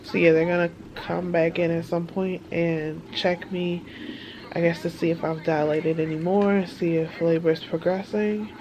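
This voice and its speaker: A woman's voice: fairly low pitch, level tone, moderate pace, a little mellow, a little hiss or hum. A woman chatting casually through a vlog update, with lots of fillers. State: out of breath. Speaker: vlogger. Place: car, then hospital room.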